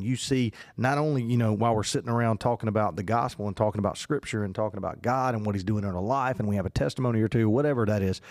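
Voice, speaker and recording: A man talks through a casual podcast chat, circling his point with plenty of fillers and restarts. His voice sits a little low, and it is recorded close and dry in a small studio. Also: a little mellow, dry recording. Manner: rambling, many fillers and restarts. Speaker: podcast co-host.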